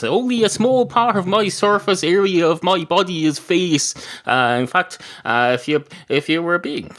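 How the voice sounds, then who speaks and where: A man's voice: fairly high pitch, a bit bright. A man hosting a podcast in a rambling comic monologue, meandering and interrupting himself with absurd riffs. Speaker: podcast host.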